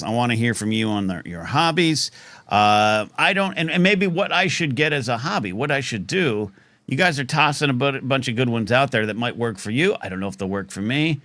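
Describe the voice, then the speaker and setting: A man's voice: medium pitch, lively intonation, brisk, fairly bright tone, dry recording. Male talk host in his forties, self-deprecating rambler, dry booth sound. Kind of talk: casual live talk show banter.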